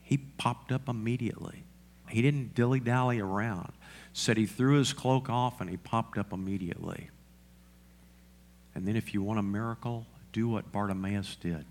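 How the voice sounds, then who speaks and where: A man's voice: fairly low pitch, normal speed, darkish tone, slight background noise. A male pastor preaching a sermon, asking the congregation questions and repeating lines for emphasis.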